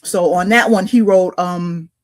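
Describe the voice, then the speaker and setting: A woman's voice: lowish voice, fairly even intonation, measured pace. A woman co-hosting a podcast who tells a story in casual chat. She rambles and hesitates, with many fillers and restarts. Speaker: podcast co-host.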